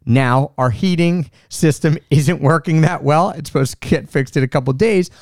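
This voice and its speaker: A man hosts a travel podcast in a relaxed, chatty way, often restarting his sentences. His voice sits a little high. The recording is dry and close. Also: no echo. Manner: upbeat, chatty, quick restarts. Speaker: podcast host. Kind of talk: casual travel podcast chat. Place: home room.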